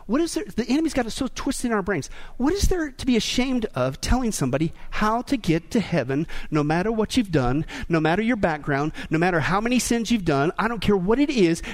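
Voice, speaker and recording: A man's voice: sits high, animated, brisk, hardly any pauses. A man preaching a sermon in a joking, exclamatory manner. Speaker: pastor.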